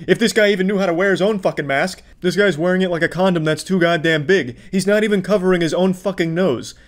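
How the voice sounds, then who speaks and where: Guy roasting videos, dry deadpan snark, kinda higher voice. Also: quick pace. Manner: deadpan, mocking, swearing. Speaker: commentary host. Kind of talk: sarcastic video commentary.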